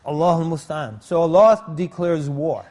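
Male preacher, emphatic sermon delivery, slightly high, warm mellow tone. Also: moderate pace. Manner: emphatic, with frequent restarts and Arabic phrases.

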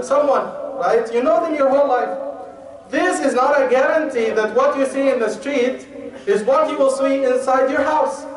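High-voiced preacher in a roomy hall. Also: male voice, distant mic. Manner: reads Arabic text rapidly then explains in English. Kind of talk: sermon on marriage.

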